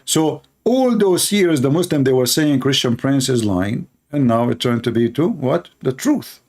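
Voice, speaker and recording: A man's voice: mid-range voice, lively intonation, normal speed, a little mellow. A man hosting a channel, giving mocking, emphatic commentary over clips. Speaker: channel host.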